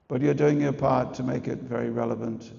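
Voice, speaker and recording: A man in his late sixties giving a humorous, chatty spiritual talk to an audience, at times leading a slow chant. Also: medium pitch, fairly even intonation, vocal fry, dark tone. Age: 60s. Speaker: spiritual teacher. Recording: muffled reverberant hall.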